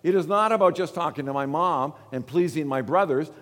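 A man voicing Jesus as a calm male teacher, in plain, declaring tones, during a sermon. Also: on the high side, a little fast, big-room sound, natural voice.

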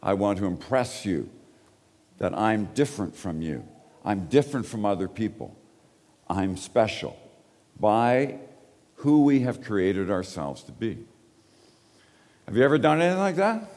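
A Canadian man delivers a teaching sermon in a lively, animated voice whose pitch swings widely. He is emphatic and chatty, throwing asides to his listeners. A long reverb trails his words around a church hall. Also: unhurried, pauses often. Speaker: preacher.

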